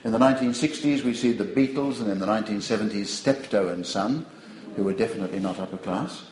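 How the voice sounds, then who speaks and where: A man's voice: on the low side, quick pace, reverberant, slight background noise, poor audio. An older man giving a public lecture, wry and digressive, telling stories to an audience. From Australia. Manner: wry, digressive, animated storytelling.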